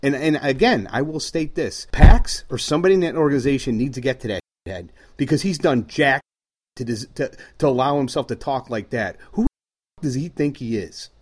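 A man's voice: medium pitch, animated, fairly quick, darkish tone, husky. An older man ranting heatedly on a sports podcast, swearing often and getting worked up. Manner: fiery, ranting, swears a lot. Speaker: podcast co-host.

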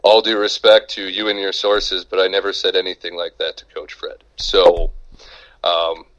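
A man co-hosting a sports podcast, speaking in a dry, wry, measured way. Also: low voice, level tone, a bit bright. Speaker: podcast co-host. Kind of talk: casual sports talk. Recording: dull lo-fi sound.

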